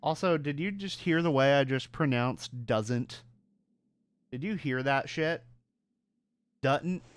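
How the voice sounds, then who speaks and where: This streamer speaks at medium pitch and a measured pace, his voice smooth with no room sound. His accent blends the American South with New York, and he plays a game while giving casual commentary that's animated, profane and full of laughter.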